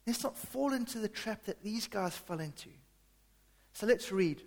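A high-voiced man gives a sermon in a church hall, the long reverb trailing after his words. He talks in a loose, conversational way, full of fillers and restarts. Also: expressive, moderate pace. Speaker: pastor.

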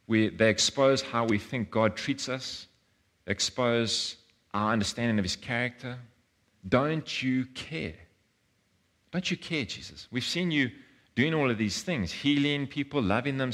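A man's voice: mid-range voice, measured pace, fairly bright tone. Guy giving a laid-back sermon, mid-range voice, keeps restarting words, earnest and chatty. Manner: informal and earnest, often restarting and repeating words. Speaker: preacher. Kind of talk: conversational sermon.

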